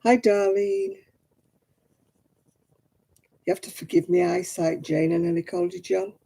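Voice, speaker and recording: A woman's voice: on the low side, fairly even intonation, fairly quick, gravelly, dark tone. A middle-aged British woman hosting a casual live stream from her desk, chatting and greeting viewers by name. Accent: British English. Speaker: livestream host.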